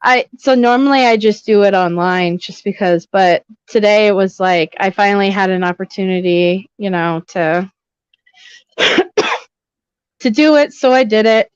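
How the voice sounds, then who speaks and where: Brief: young female stream host, smooth voice, rambling chat, dry lo-fi sound. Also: mid-range voice, a little slow, no echo. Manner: chatty, rambling with many fillers. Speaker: livestream host. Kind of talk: casual livestream chat. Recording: slightly dull lo-fi audio.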